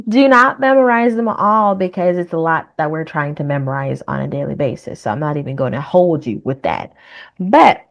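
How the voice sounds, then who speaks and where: A woman's voice: lowish voice, darkish tone. A woman hosting a casual reaction vlog, chatty, laughing often and repeating herself. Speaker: host.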